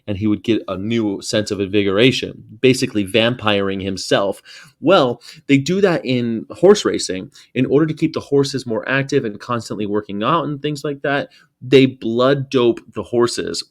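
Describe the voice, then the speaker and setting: A man reacting to a video in loose, profane commentary, mocking and rambling. He swears freely and jumps between tangents. His voice sits at an ordinary male pitch.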